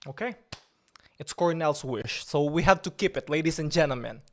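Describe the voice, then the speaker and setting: Male livestream host, slightly high voice, chatty, reads out chat, gets annoyed then cools down. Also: moderate pace. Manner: irritable, then forces himself calm and joking.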